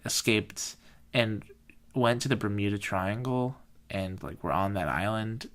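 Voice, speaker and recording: A young man chatting on a podcast in a loose, rambling way, with a bright, crisp-edged tone. He pads every sentence with filler and curses freely. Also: on the low side. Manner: rambling, heavy filler words and swearing. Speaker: podcast host. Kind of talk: casual chat.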